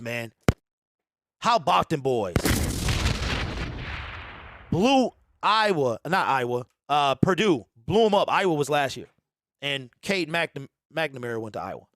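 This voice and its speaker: Excitable sports host, high-pitched, dry close mic, casual live-stream riffing. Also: male voice, dry recording. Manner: excitable, repeats himself, mocks fans in a mimicking voice.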